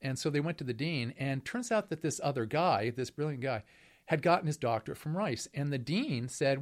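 A man's voice: a little high, sing-song, a little fast. A middle-aged man, a professor being interviewed, telling a long story in a wry, rambling way, with many fillers and restarts. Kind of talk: storytelling conversation.

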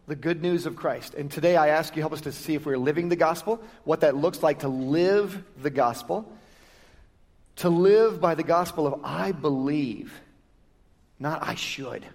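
A man preaches in an easygoing, chatty way and corrects himself mid-phrase as he teaches. His voice sits noticeably high for a man. It has the feel of a relaxed Sunday sermon with a short prayer and scripture teaching. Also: normal speed. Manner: conversational, lively, self-correcting preaching. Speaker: pastor.

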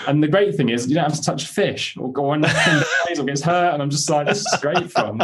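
A young man, a podcast guest, telling excited, rambling stories in casual chat with many fillers. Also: fairly high pitch, fast talker.

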